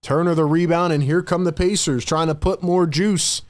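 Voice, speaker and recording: A young man with a slightly high voice calls a basketball game live for his stream, fired up and chatty. He hollers at big shots, begs the chat for likes and jumps between plays and hot takes. His delivery is loose, fast and animated, like a fan behind a desk mic. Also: no room sound, clean studio sound. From Philadelphia area. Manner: excitable, hypes the chat, shouts at big plays. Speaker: live stream host doing play-by-play.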